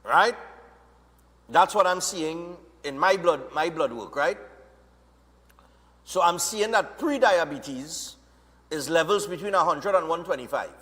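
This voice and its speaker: A Trinidadian man hosts a casual chat in a slightly high voice, often checking in with "right?". His voice carries a lingering reverb. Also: expressive, unhurried, pauses often, sharp tone. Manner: conversational, tags lines with "right?". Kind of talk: casual talk show chat. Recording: reverberant room.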